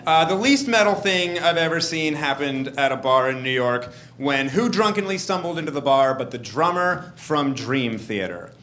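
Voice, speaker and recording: A man performing a stand-up comedy set in an animated way, often shouting. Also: a little high, moderate pace, hardly any pauses. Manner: animated, jumps to shouted punchlines. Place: comedy club stage. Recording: echoey, noisy live club recording.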